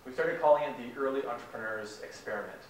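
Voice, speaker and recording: A man's voice: medium pitch, fast, a little hiss or hum. A young man from Canada giving an enthusiastic guest talk, telling a story with acted-out quotes. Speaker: guest speaker. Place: large hall. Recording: echoey hall, mic far off, faint ambience.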